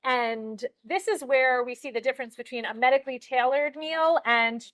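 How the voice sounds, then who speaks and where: A woman explaining meal nutrition during a cooking demonstration, clear and explanatory with occasional fillers. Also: high-pitched, moderate pace, a bit bright.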